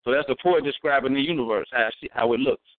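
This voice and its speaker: A man telling stories in a casual chat, animated and profane, repeating words as he thinks. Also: mid-range voice, fast talker, no echo. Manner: animated, acts out voices in his stories. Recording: tinny phone-like sound, dry.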